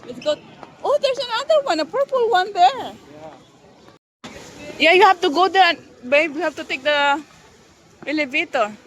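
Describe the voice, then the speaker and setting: In a crowded, noisy public space, a woman films a casual family vlog, coaxing a small child and chatting with her husband while laughing often. Her voice sits high and fairly bright, with lively intonation, a measured pace and frequent pauses.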